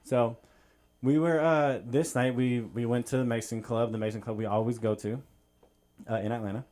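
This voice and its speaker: A man's voice: mid-range voice, fairly even intonation, a little fast, a little mellow. A man doing a stand-up set on a club stage, telling a story in a loose, rambling way with plenty of fillers. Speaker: stand-up comedian.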